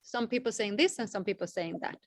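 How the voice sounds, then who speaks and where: A woman leading an online class over a video call, talking slowly with many fillers and restarts. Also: mid-range voice, no echo. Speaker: class organizer. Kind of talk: casual online class talk.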